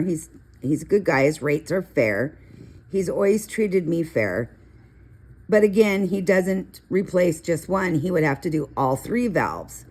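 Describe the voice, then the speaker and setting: Middle-aged woman, deep speaking voice, relaxed chatty host who drifts into long personal stories. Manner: chatty, storytelling, rambling asides. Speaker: coloring video host. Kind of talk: casual coloring tutorial chat.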